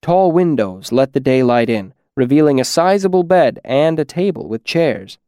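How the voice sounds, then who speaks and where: A man reading a first-person audiobook story in a steady, even storytelling voice. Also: mid-range voice, moderate pace, clean tone, no room sound, clean studio sound. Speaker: audiobook narrator.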